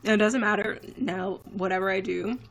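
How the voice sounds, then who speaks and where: A woman's voice: mid-range voice, normal speed, vocal fry, a bit bright. A woman in her twenties chatting casually on a live stream, rambling and reacting to viewer comments. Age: 20s. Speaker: livestreamer.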